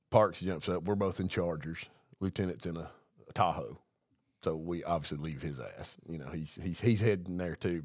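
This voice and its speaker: In a dry, clean studio recording, a low-pitched man who is both a police officer and a podcast co-host swaps profane stories over drinks. He keeps the chat casual and laughs at his own punchlines.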